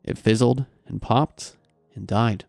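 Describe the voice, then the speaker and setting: A man's voice: on the low side, slow pace, gravelly, a little mellow, no echo. A man narrating a scary story in a dry, wry storytelling manner. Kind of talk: scripted horror story narration.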